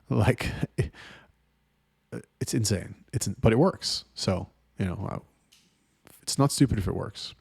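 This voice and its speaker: Blunt, low-voiced young man vlogging. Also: takes it slowly, creaky, pauses often, darkish tone, breathy edge, no room sound, studio quality. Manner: blunt, profane, rambling. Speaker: host. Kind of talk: casual vlog monologue.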